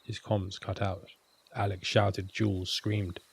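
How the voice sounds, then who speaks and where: Deep, flat-voiced man narrating horror. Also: slow pace, breathy edge.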